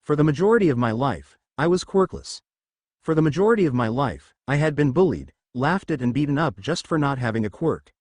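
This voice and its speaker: A man's voice: a little high, expressive, a little fast, a little mellow, dry recording. A man voicing an earnest teenage boy hero delivering a heartfelt pledge speech in a fan-fiction reading.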